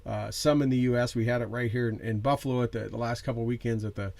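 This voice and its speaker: A man hosting a casual interview podcast, relaxed and easygoing, often trailing off. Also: medium pitch, fast talker, gravelly. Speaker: podcast host.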